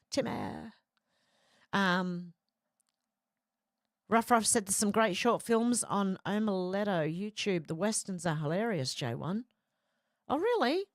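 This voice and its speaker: A woman's voice: medium pitch, dry recording, studio quality. A woman hosting a casual livestream, reading out viewer comments and rambling between them with many fillers and restarts. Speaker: livestream host reading chat.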